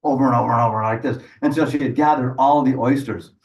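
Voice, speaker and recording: A man's voice: mid-range voice, fairly even intonation, fast. A man telling a folk tale live in a home, playful and coaxing his listeners to join in. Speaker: storyteller. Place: living room of a home. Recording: voice from a distance.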